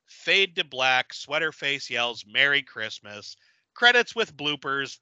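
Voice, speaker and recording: A man's voice: fairly high pitch, very animated, unhurried, bright, forceful tone, clear, resonant tone, dry recording, highs cut off. A man hosting a casual podcast, recapping a movie with profanity and acting out the characters' lines. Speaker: podcast host.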